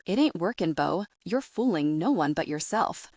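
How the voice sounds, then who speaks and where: A woman reading the lines of a huge, blunt male bodyguard, keeping the words short, grunted and flat. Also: fairly low pitch, moderate pace, dry recording, studio quality. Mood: terse. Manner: grunting, terse.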